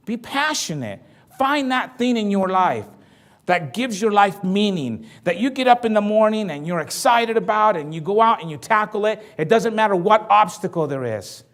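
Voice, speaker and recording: A man giving a motivational talk to an audience, telling stories in a lively, jokey way. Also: high-pitched. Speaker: motivational speaker.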